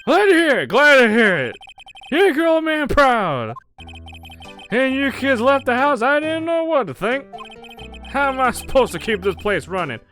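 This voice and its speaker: A woman voicing an eccentric old man shopkeeper who talks in a loud, wavering, folksy drawl. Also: high voice, big pitch swings, moderate pace, faint music behind, pitched above the performer's own voice. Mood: proud.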